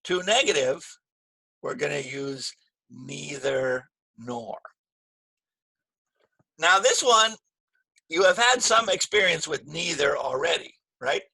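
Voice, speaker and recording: A man teaching an English grammar lesson, slow and patient, repeating key phrases with stress. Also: fairly high pitch, animated, creaky, bright, forceful tone, slightly rough, dry recording.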